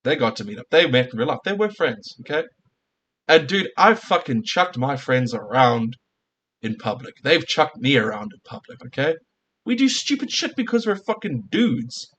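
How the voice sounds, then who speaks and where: A man's voice: medium pitch, very animated, normal speed, a bit bright, muffled recording, a little hiss or hum. Heated, swearing male streamer. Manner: heated, profane, fires rhetorical questions. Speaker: streamer reacting to a clip. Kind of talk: casual reaction rant.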